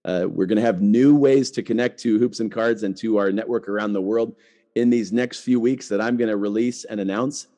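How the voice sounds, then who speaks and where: A man's voice: lowish voice, fairly quick, dark tone. A middle-aged man hosting a podcast, talking casually with lots of "like" and restarts. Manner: chatty, full of "like" and restarts. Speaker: podcast host.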